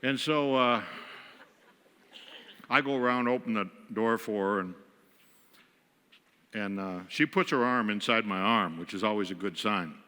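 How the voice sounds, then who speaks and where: A man's voice: lowish voice, unhurried, long pauses, bright, forceful tone, clean tone. A man from western New York, a guest speaker telling wry, self-mocking stories in a humorous sermon. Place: church sanctuary. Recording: church hall reverb.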